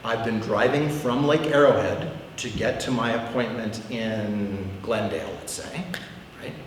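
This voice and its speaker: A man's voice: mid-range voice, measured pace, recorded from a distance, a little hiss or hum. Candid man teaching in an echoey hall. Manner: candid, self-deprecating, repeats words as he thinks. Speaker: prayer class teacher. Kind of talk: informal teaching talk. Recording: echoey hall, long reverb.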